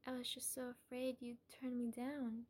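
A woman voicing a breathy, doting obsessive kidnapper in whispered role-play. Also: on the high side, level tone, normal speed. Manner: gentle, coaxing, calls listener darling. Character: obsessive doting female kidnapper, soft and possessive. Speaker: audio role-play performer.

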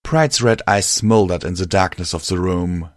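Low-voiced man reading a story. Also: normal speed, no room sound, clean studio sound. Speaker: narrator. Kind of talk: audiobook reading of a fan story.

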